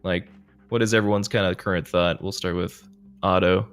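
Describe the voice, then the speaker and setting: A man's voice: deep voice, steady tone, normal speed, a bit bright. A man narrating as storyteller of a tabletop role-playing game, in a laid-back, rambling way.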